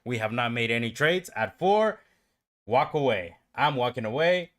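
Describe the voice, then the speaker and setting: A man giving live trading commentary on his own stream, talking to himself and his viewers and swinging from calm explaining to excited outbursts. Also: medium pitch, normal speed. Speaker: livestream day trader.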